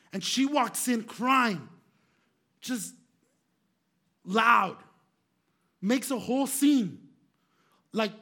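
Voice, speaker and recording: High-voiced man preaching a story. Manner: animated, laughing, full of fillers. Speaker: pastor. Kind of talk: storytelling sermon.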